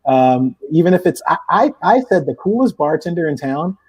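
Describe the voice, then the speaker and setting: A man's voice: fairly high pitch, expressive, normal speed, darkish tone, breathy edge. A man guesting on a live podcast, talking in a loose, rambling way with lots of restarts over a remote call. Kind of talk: casual chat. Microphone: headphones or headset, remote call.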